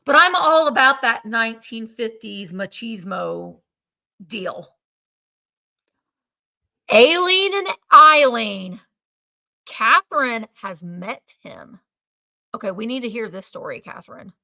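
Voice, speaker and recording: A woman hosts a relaxed live-stream chat, rambling and trailing off as she searches for names. Her voice sits a little high and sounds bright, with a gravelly fry underneath. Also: slow, long pauses. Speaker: live-sale stream host. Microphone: streaming setup.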